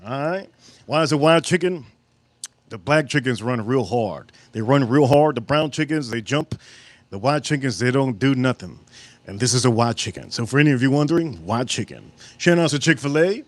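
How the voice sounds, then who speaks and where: A man with a medium-pitched voice hosts a live cooking and whiskey stream, recorded with no echo. He rambles and jokes, going off on tangents while thanking viewers and reading their messages aloud.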